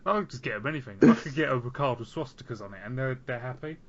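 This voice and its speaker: A man's voice: mid-range voice, expressive, fairly quick, lo-fi sound, a loud crowd. A young man hosting a podcast, swearing and mocking in crude casual banter. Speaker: podcast host.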